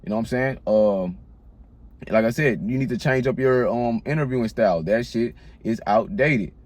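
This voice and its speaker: A man's voice: mid-range voice, moderate pace. A man hosting his own channel, delivering a blunt, profane rant straight to the camera. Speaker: channel host.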